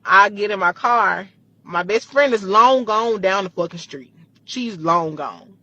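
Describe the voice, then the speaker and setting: A woman vlogger casually retelling a personal story, animated and full of profanity. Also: mid-range voice, unhurried, dry recording, lo-fi sound.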